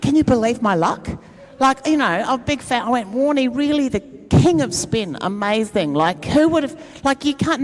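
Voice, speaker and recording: A middle-aged woman speaks to a live audience like the comedian she is. Her storytelling is chatty and self-mocking, with a middle-range voice and plenty of asides. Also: mid-range voice. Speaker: speaker at a climate event. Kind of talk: humorous storytelling speech.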